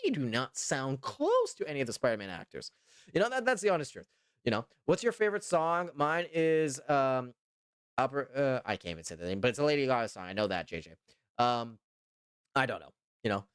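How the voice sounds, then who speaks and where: Lively, rambling young male streamer. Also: medium pitch, fairly quick, clear, resonant tone, dry recording, clean studio sound. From Canada. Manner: rambling, repeats himself with lots of "you know" and "trust me". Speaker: VTuber streamer. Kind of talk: casual live-stream chat reading viewer comments.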